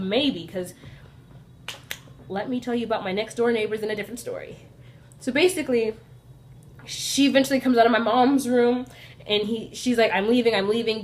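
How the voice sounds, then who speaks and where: Chatty young woman telling a story. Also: medium pitch. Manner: chatty and animated, acting out quoted lines. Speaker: storytime vlogger. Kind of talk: casual storytelling. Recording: faint music playing behind.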